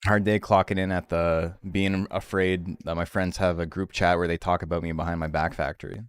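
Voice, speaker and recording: Laid-back low-voiced man streaming a game. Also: flat delivery, a little fast, clear, resonant tone, no echo. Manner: reads game text aloud, wry and offhand. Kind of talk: casual game commentary.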